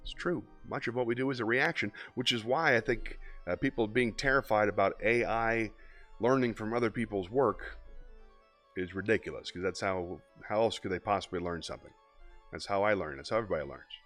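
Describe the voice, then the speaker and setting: Chatty man with a deep poetry voice. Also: fairly quick, a bit bright, soft background music. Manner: laid-back, chatty, reads poems in a deep radio voice. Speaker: host of a live variety stream. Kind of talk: casual live-stream chat and poetry reading.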